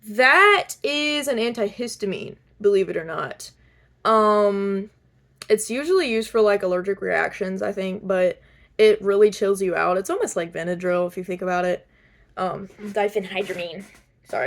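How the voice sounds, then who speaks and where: Chatty young woman vlogging. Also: mid-range voice. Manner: chatty, laughs often, many fillers and restarts. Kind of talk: casual chat.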